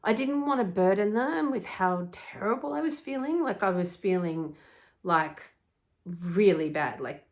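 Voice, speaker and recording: A woman's voice: mid-range voice, lively intonation, unhurried. A middle-aged woman, a life coach, talking casually to camera in a chatty, upbeat way, often laughing.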